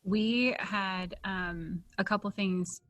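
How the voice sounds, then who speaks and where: A woman co-hosting a podcast in casual chat, telling relaxed stories and laughing along the way. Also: mid-range voice, slow, no room sound. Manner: relaxed storytelling, laughs at her own stories. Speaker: podcast co-host.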